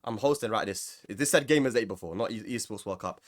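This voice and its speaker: A man hosting a casual panel chat, telling stories quickly and animatedly with a lot of repeated words. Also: lowish voice, no echo, clean studio sound. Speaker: host.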